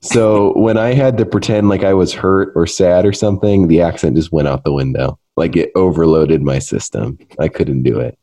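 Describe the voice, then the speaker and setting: A man's voice: low voice, normal speed, few pauses, mellow. A young man hosting a casual podcast, joking about himself and laughing often as he talks. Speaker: podcast host.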